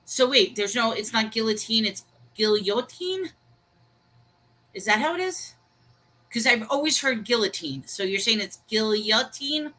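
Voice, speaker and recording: Bright-voiced chatty woman co-hosting a stream. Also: on the high side, expressive, moderate pace, low-quality recording. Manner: chatty, self-deprecating about pronunciation; reads viewer chat aloud and greets viewers. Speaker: co-host of a livestream discussion. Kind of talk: casual livestream chat.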